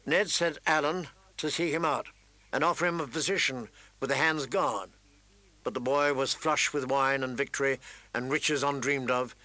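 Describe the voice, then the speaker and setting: A man reading a story aloud as narrator, with dramatic emphasis and raised voice for shouted lines. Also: medium pitch, steady tone, normal speed, no echo. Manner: reads with dramatic emphasis, raising voice for shouted quotes. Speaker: audiobook narrator. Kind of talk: scripted narration.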